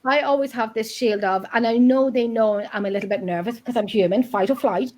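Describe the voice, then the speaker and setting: A paranormal investigator chats casually on a podcast, rambling and often breaking off mid-sentence. Her voice is a little high and a little mellow, and she talks briskly.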